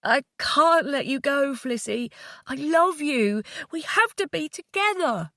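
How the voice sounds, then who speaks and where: A woman's voice: fairly high pitch, moderate pace, fairly bright tone, no echo, studio quality, close to an everyday voice. A woman voicing a weeping, obsessive young man. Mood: pleading. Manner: tearful, pleading, voice breaking.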